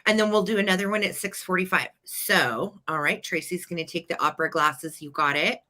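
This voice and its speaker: A woman's voice: lowish voice, brisk, pushed and bright. A woman co-hosting a live vintage sale, chatty and playful as she describes items in detail. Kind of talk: live-stream auction chat.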